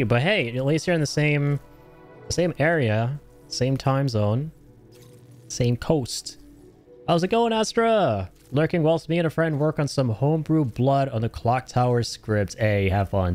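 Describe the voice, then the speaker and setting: A man's voice: mid-range voice, expressive, normal speed, a little mellow, soft background music. A young Canadian man with a Canadian accent, streaming a game and chatting casually with viewers, swearing freely. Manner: laid-back, swears, chats with viewers. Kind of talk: casual gaming stream chat.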